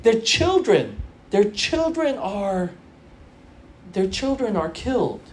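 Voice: medium pitch, big pitch swings, slow, darkish tone, a little hiss or hum. A preacher of Korean background giving an earnest sermon to young churchgoers, repeating phrases for emphasis and restarting often with fillers.

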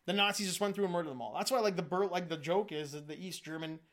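Male co-host, notably high voice, blunt and profane, jokey riffs. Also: fairly bright tone. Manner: blunt, swears, riffs with quick jokes. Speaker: podcast co-host. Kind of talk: casual chat.

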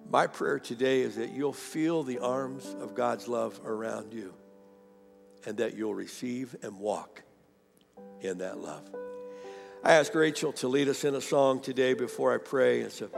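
Male pastor, mid-pitched and gravelly, animated storyteller preaching to a congregation. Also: unhurried, long reverb tail, over music. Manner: animated storytelling, quoting a woman's testimony, rising to fervent appeals. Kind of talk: sermon.

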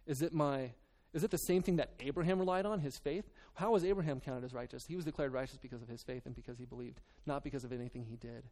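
A man's voice: medium pitch, quick pace, few pauses, darkish tone. A man preaching a sermon to his church, reading scripture, then talking in a loose, earnest way with many restarts and fillers. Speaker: pastor.

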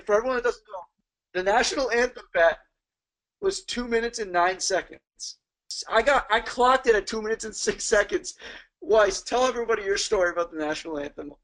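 A man's voice: high voice, lively intonation, fairly quick, a bit bright. A man co-hosting a podcast in casual chat, bantering bluntly and swearing. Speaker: podcast co-host.

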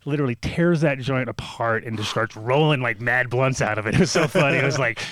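Animated man telling a story. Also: fairly quick. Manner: animated, swearing, acts out quotes with sudden pitch jumps. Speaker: podcast guest telling a story. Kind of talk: casual storytelling.

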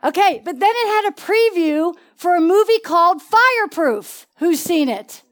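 A woman preaching a sermon in an animated way, with laughing asides and questions to the congregation. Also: very high voice, normal speed.

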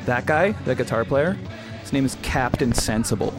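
A man's voice: medium pitch, normal speed, music in the background. A man hosting a podcast, delivering a casual comedic monologue in a sardonic, ranting, profane way. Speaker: podcast host.

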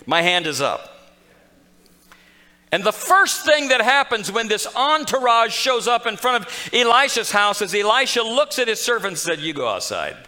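A man preaching a sermon, telling a Bible story with animated storytelling and acting out its characters. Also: very high-pitched, moderate pace, low-quality recording. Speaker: pastor.

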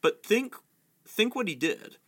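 A man's voice: high-pitched, very animated, a little slow, a bit bright, breathy edge, pitched above the performer's own voice, heavily acted. A man reading the lines of a bitter, vengeful male escaped prisoner from a storybook, snarling and intense. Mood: urgent.

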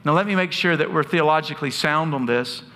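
A man's voice: a little high, brisk, sharp tone. A man, preaching a sermon as pastor, telling stories earnestly with touches of humor. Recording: long hall reverb.

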